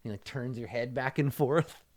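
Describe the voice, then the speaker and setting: A man's voice: mid-range voice, moderate pace. A man narrating a tabletop game as dungeon master, in a loose style full of fillers and "like". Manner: loose and filler-heavy, uses "like" often.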